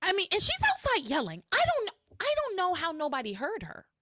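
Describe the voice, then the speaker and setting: A woman hosting a podcast in casual recap chat, animated and acting out characters in shrill voices. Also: brisk, no echo, studio quality. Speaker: podcast host.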